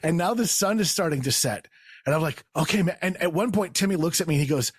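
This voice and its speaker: A man's voice: on the high side, fast, no room sound, studio quality. A man telling a funny story in a casual chat, acting out what people said with raised voices and laughing as he goes. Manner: animated, acts out quotes in raised voices, laughs while telling. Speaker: guest storyteller.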